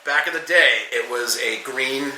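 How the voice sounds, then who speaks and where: A man telling a loud, profane bartending story on a podcast, acting out each quote. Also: mid-range voice, measured pace, reverberant, background noise. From New England. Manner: animated, profane, acts out quotes. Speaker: podcast guest. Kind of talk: casual storytelling.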